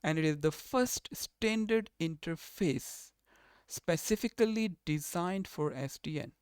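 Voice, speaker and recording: Man lecturing with a crisp, dry voice. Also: a little high, animated, unhurried, a little mellow, no room sound. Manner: explanatory, restates terms and rephrases often. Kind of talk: recorded university lecture.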